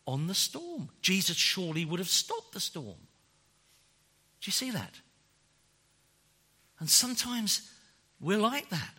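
A man preaching with a high, bright voice that leaps around in pitch. He moves from ringing declarations to near-whispered, drawn-out phrases as he builds his sermon. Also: slightly rough. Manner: dramatic preaching that swings from loud to hushed.

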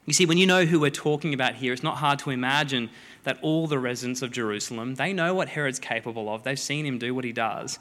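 A man preaching a sermon, a lively, joking storyteller who acts out the people in the story. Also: medium pitch, quick pace. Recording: long hall reverb.

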